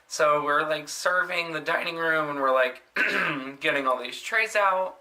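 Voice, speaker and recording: A man's voice: fairly high pitch, unhurried. A young man telling stories from his work as a nursing assistant in a rambling casual way, full of "like" and "um". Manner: chatty, rambling, frequent "like" and "um" fillers; mimics patients in loud exaggerated voices. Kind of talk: casual storytelling vlog.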